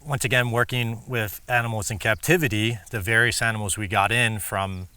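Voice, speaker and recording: A man's voice: fairly low pitch, fairly even intonation, a little fast, bright, forceful tone, clean tone, dry recording. A man hosting a casual interview, thoughtful and hesitant as he works through his points. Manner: thoughtful, hesitant, many fillers and restarts. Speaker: podcast host.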